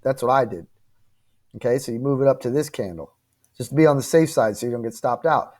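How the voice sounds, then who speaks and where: A man's voice: mid-range voice, brisk, darkish tone. A man hosting a trading channel, talking viewers through charts in a casual, emphatic way, often checking in with "okay?" and "right?". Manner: emphatic, repetitive, addresses viewers directly with frequent "okay?" and "right?"; apologetic and frustrated at times. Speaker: crypto trading channel host.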